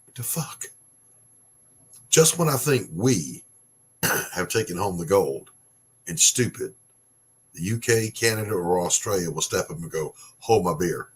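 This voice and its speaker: A man's voice: sits low, expressive, normal speed, pauses often, slightly rough. A man hosting a casual opinion monologue, ranting bluntly and sarcastically, with swearing. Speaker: podcast host.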